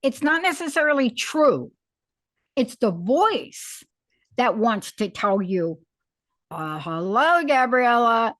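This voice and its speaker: A woman's voice: a little high, very animated, slow, no echo. A woman hosting a podcast conversation, encouraging and folksy, often affirming her guest. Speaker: podcast host. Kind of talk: conversational interview.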